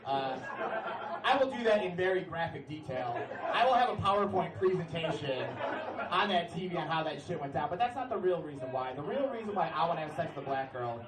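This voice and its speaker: A brash young man works a stand-up set on a club stage, his voice sitting high for a man and often jumping into shouted announcer-style bits. He sounds roomy and a little off-mic, and loud crowd laughter keeps breaking through. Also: animated, brisk, distant mic. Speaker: stand-up comedian.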